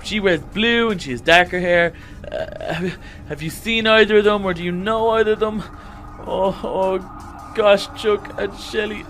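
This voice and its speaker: A man plays a nervous young shark hero in a Minecraft role-play, with a high, boyish voice that keeps rambling and stammering. Soft music hums behind him. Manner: panicky, rambling, yelps and stammers when scared. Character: anxious, talkative young male shark hero.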